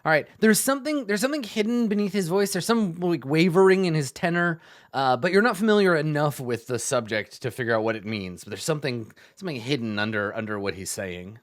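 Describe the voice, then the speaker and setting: A man's voice: fairly high pitch, brisk. A man running a tabletop game as game master, with many fillers and restarts as he narrates. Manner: lively, full of fillers and restarts.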